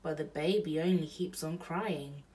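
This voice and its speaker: A mother reading a bedtime storybook aloud to her baby in a slow, gentle pace. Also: low-pitched, recorded from a distance.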